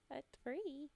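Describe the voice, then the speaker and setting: A woman hosts a relaxed livestream, reading poems aloud and breaking off to chat and greet viewers. Her voice sits a little high with a warm, mellow tone. She giggles easily, and the sound is close and dry. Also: gravelly, no room sound. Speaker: livestream host reading poetry.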